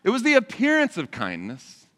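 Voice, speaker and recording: Preacher guy, 40s, chatty sermon, asks the crowd stuff, lively up-and-down voice. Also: high-pitched, moderate pace. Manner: conversational, asks the congregation questions. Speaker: pastor. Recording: long hall reverb.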